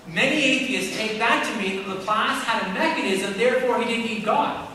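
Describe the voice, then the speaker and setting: High bright man in an echoey hall. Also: moderate pace, recorded from a distance, slight background noise. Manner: conversational, checks in with "okay?". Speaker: Christian apologist speaker. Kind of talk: church apologetics talk. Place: church hall.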